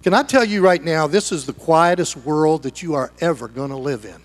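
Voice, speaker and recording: A middle-aged male pastor with a high voice preaches in his church sanctuary. He swings from hushed, conversational asides to loud, excited shouting as he urges the congregation on. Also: a little fast, few pauses. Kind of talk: sermon.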